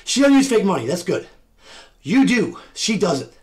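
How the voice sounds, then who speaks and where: A man's voice: high voice, big pitch swings, normal speed, a little mellow. A man livestreaming, trading brash, profane taunts and repeating his jabs. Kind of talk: heated livestream argument.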